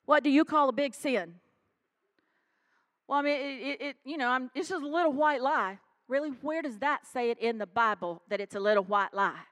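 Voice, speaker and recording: A woman pastor preaches to her church congregation in a high, bright voice. She is animated, calls out to the room, and swings between loud exhortation and quiet warnings. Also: moderate pace. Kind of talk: sermon. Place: church sanctuary.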